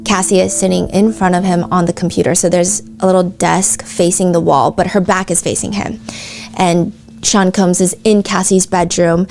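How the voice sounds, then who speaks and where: A woman's voice: lowish voice, creaky, darkish tone. A woman hosting a true-crime podcast, reading out courtroom testimony in a casual, chatty way with frequent "like" asides. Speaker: podcast host.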